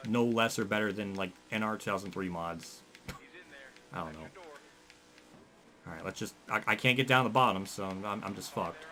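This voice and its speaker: A man giving frustrated, swearing commentary over a racing game, breaking into angry yells and running out of breath. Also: fairly low pitch, normal speed, long pauses, faint music behind. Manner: frustrated, swearing, yelling in bursts.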